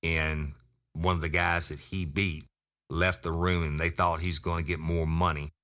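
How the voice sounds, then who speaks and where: A man tells an old police story on a podcast, blunt and full of profanity. His voice sits very low but has a forceful, bright edge. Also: flat delivery, moderate pace. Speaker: podcast host, retired sheriff's deputy.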